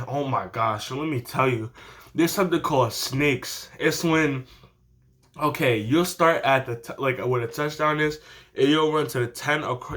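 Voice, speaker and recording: A teenage boy chats straight to camera in a loose, animated story-time ramble. His voice sits at a middle pitch, and he breaks into laughter as he goes. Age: teens. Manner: animated, slangy, laughs often. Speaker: vlogger.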